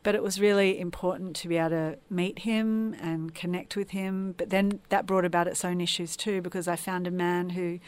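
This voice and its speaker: Low-voiced woman telling her story. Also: steady tone, moderate pace, hardly any pauses, clear, resonant tone. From Tasmania, Australia. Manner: earnest, reflective. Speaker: podcast guest. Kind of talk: personal storytelling in an interview.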